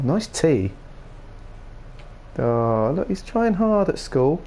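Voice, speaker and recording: A man's voice: on the high side, very animated, a little slow, creaky, dark tone. A man giving casual, jokey game commentary with rambling, playful asides. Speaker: gaming streamer.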